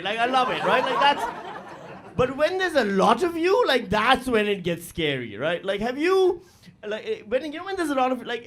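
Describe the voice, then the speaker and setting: A man doing stand-up comedy into a handheld stage mic, his voice pitched high for a man. He swings up and down with lively, animated delivery and breaks into loud mocking voices. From Pakistan. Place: live comedy venue with audience.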